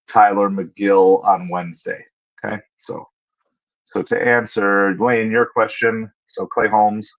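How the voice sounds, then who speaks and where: Guy with a lowish voice chatting on his stream, answering chat, kinda dull lo-fi audio. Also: vocal fry. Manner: conversational, thinks aloud, pauses with fillers while looking things up. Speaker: livestream host. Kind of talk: casual livestream chat answering viewers.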